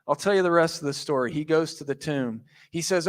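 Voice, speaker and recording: High-voiced animated preaching man. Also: fairly quick, few pauses. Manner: animated storytelling, acting out quotes. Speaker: pastor. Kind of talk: sermon.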